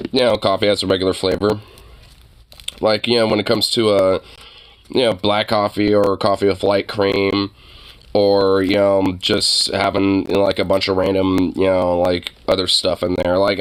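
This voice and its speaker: Casting: young male streamer, low-pitched, loose rambling chat packed with fillers and cursing. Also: fairly even intonation, normal speed, clear, resonant tone. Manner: rambling, many fillers, swears casually. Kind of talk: casual livestream chat.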